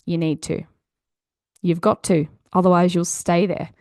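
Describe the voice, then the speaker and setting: A woman's voice: lowish voice, flat delivery, measured pace, a little mellow, dry recording. Woman, podcast host, motivational monologue, encouraging, chatty, dry close mic.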